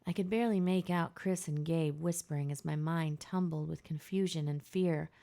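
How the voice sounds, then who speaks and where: A woman narrating a first-person audiobook in a hushed, tense, emotional way. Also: deep voice, steady tone, moderate pace, creaky.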